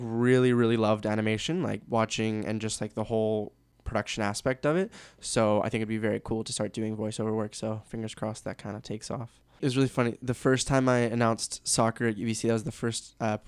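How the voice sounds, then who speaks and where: A man's voice: on the low side, smooth, dry recording. A young man from Canada, a sports announcer guest, chatting candidly and laughing easily. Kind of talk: casual interview chat.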